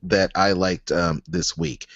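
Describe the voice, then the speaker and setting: A man co-hosting a wrestling podcast in casual chat, halting and restarting his sentences. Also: low-pitched, very animated, vocal fry, a bit bright, no echo. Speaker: podcast co-host. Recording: dry, dull lo-fi podcast audio.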